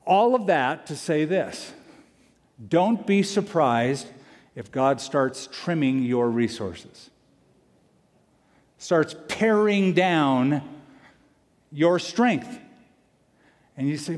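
A male pastor preaching a sermon, animated and emphatic, repeating key lines for weight. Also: a little high, slow pace, long pauses. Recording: long hall reverb.

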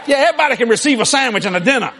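A man preaching a sermon, shouting and boasting with animated laughs. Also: extremely high pitch, racing, some chatter behind, a little hiss or hum.

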